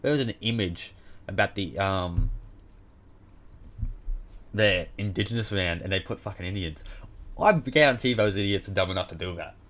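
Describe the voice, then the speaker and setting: Low-voiced, foul-mouthed Australian man ranting. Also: normal speed, long pauses, a bit bright. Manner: heavy swearing, blunt and exasperated. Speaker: podcast host. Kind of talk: casual sports rant.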